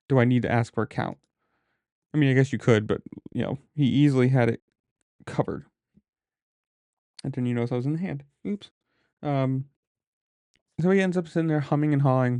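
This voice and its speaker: A man recounts a poker table story in an easygoing, rambling way, full of "like" and "whatever". His voice is warm and mellow. The sound is dry and close, and now and then he drops to a mutter to call his own folds. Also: mid-range voice, clear, resonant tone, dry recording. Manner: rambling, conversational, with frequent filler words; mutters poker decisions to himself under his breath. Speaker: poker player telling a story. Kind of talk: casual storytelling vlog.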